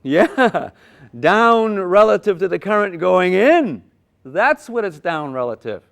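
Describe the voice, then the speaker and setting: A man teaching a live physics workshop for teachers, animated and thinking aloud, poking fun at himself when he gets mixed up. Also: high-pitched. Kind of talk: live classroom lecture. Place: lecture room with a live audience of teachers.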